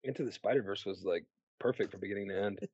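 A man co-hosting a podcast, chatting casually about movies with a relaxed, rambling manner. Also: lowish voice, fast, breathy edge, dry recording. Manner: relaxed, rambling, lots of likes. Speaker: podcast co-host. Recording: dry dull lo-fi mic.

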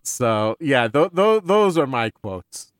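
A man hosting a casual book discussion podcast, animated and tripping over his words. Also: medium pitch, takes it slowly, no echo. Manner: animated, stumbling restarts. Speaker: podcast host.

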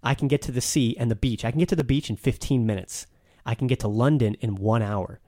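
A man's voice: mid-range voice, fast talker, mellow, no room sound. Enthusiastic man in a dry podcast chat. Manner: enthusiastic, storytelling, some restarts. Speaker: podcast guest, castle enthusiast. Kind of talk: casual podcast conversation.

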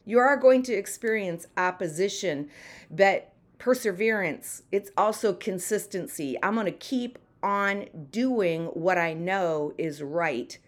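A woman's voice: mid-range voice, slow pace. Emphatic motivational woman podcast host. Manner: emphatic, repeats phrases, leads affirmations. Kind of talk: motivational pep talk.

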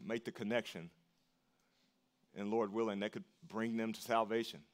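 At normal speed and with a flat delivery, a man preaching as pastor stays earnest and emphatic. Short phrases get repeated for weight, and his pitch jumps on the important lines.

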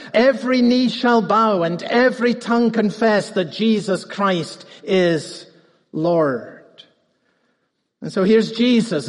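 A man's voice: sits high, long reverb tail. A man, a pastor, preaching a sermon earnestly and repeating key phrases for emphasis.

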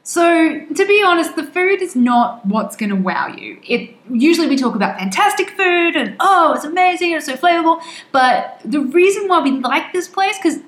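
A woman's voice: high voice, big pitch swings, moderate pace, few pauses. A woman co-hosting a podcast in casual chat, teasing and laughing often. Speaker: podcast co-host. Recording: roomy echo.

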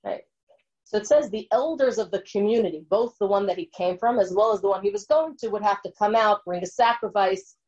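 A woman's voice: mid-range voice, a little fast, darkish tone, muffled recording. A woman lecturing and answering an audience question in an earnest way, often checking in with her listeners.

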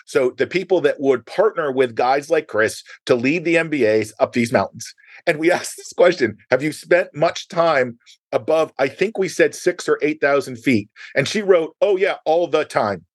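A middle-aged man hosting a podcast, telling stories in an animated way and acting out quoted dialogue. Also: fairly high pitch, moderate pace, no echo. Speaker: podcast host. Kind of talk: conversational storytelling.

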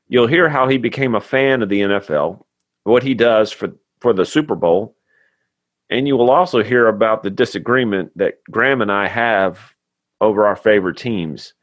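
Podcast host, male, from Tennessee; earnest and plainspoken, lowish voice, dry close sound. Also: dry recording. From Tennessee, USA. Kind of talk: scripted intro then casual interview.

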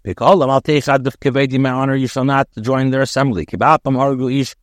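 A man's voice: mid-range voice, fairly even intonation, fast talker, no echo, studio quality. A rabbi reading Hebrew phrases and translating each one into English as he teaches, with frequent fillers and restarts. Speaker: rabbi teaching Torah commentary. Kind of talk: line-by-line text study, translating aloud.

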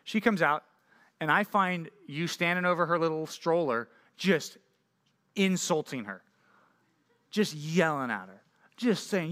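A young man preaching a youth sermon, energetic and jokey, often checking in with "right?". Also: on the high side, measured pace. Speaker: youth pastor.

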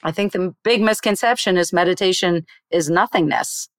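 Smooth, dry-voiced woman meditation teacher. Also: fairly low pitch, dry recording. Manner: slow, soothing guiding voice. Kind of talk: interview, then guided meditation.

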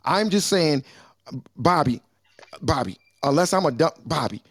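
A man's voice: a little high, lively intonation, unhurried, fairly bright tone, slightly rough, dry recording. Boisterous man who calls everyone brother. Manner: boisterous, keeps saying brother. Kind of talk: casual debate chat. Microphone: remote call mic.

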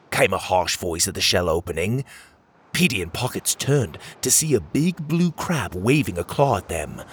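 A man's voice: sits low, moderate pace, slightly rough. A man narrating a children's storybook and voicing its characters. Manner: animated, does voices for each character.

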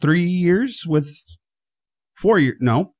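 A man in his thirties co-hosting a casual movie review podcast. He is enthusiastic and self-mocking, swears freely, and his pitch jumps when he gets excited. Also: slow. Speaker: podcast co-host.

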